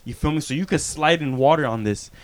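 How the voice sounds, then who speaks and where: A man's voice: fairly high pitch, quick pace. A young man telling a story in casual chat, slangy and laid-back, often repeating his words.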